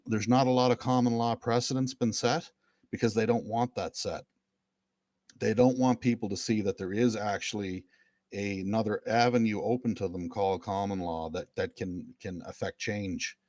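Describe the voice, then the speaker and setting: A man's voice: fairly low pitch, darkish tone, dry recording, clean studio sound. A middle-aged man, talking earnestly and emphatically to viewers, often repeating his phrases. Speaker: speaker giving a talk. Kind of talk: casual monologue to viewers.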